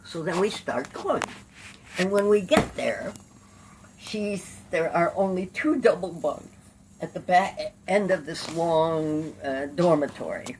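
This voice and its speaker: An older woman, a lawyer and activist, recounting her life in an oral history interview, lively and salty, acting out the people in her stories. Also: on the low side, takes it slowly, recorded from a distance, noisy background. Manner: lively raconteur, laughs and curses while acting out scenes.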